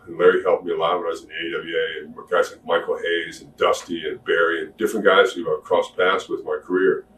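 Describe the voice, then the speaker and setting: Deep-voiced man telling laid-back stories. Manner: laid-back, rambling, self-deprecating humor. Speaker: interview guest, former wrestler. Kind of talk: casual storytelling interview. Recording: echoey room, distant mic, faint hiss.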